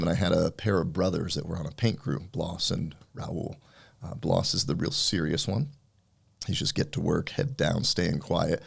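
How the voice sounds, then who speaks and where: A man's voice: low voice, creaky, breathy edge. A middle-aged man, a business owner, telling a story in a casual interview and acting out the voices of the people in it. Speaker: guest, entrepreneur.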